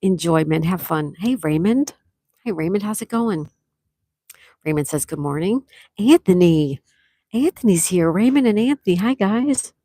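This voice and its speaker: A woman's voice: on the low side, expressive, normal speed, mellow, no echo, studio quality. A woman with a Buffalo, New York accent hosting a casual live stream, chatting and reading viewers' comments aloud before answering them. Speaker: livestream host.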